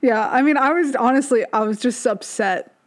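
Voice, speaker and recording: Teasing American woman, slightly high voice. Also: moderate pace. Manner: teasing, swears for effect, mock-outraged. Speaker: podcast co-host. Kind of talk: casual chat.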